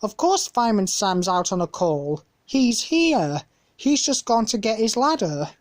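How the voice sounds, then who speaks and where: A woman's voice: mid-range voice, unhurried, pitched above the performer's own voice. A woman voicing an eager, spirited young girl in a storybook reading. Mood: cheerful. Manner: excited, pleading.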